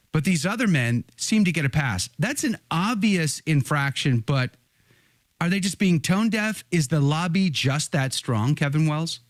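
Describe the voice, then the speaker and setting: A man's voice: on the high side, no echo. A male host posing indignant, rhetorical questions to his guest in a pointed interview.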